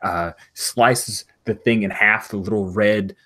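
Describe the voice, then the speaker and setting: Low-voiced man running a tabletop game. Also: fairly even intonation, slow pace, bright, forceful tone. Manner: enthusiastic, rambling, with fillers and laughs. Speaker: game master.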